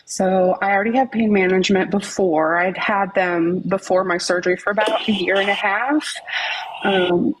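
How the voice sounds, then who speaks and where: A woman in a casual group discussion, speaking reflectively in a soft voice. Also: medium pitch, steady tone, moderate pace, slight background noise, poor audio. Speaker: panel participant.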